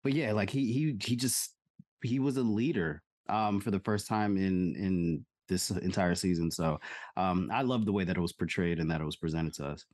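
A man with a lowish voice talks through a TV episode on a podcast, stopping and starting as he searches for words. The sound is dry and close. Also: darkish tone, no echo. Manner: halting, many fillers and restarts. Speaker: podcast co-host. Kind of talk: casual chat about a TV episode.

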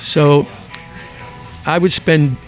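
Older philly guy, fast storyteller, slightly high voice, soft music behind. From Philadelphia. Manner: lively raconteur, acts out quotes, rattles off names. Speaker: guest. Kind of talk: anecdotal storytelling in an interview.

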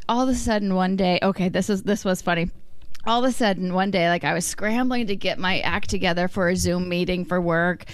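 A woman guest on a podcast, telling a story in a giggly, animated way. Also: lowish voice, a little fast, clear, resonant tone, no echo. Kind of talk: casual podcast chat.

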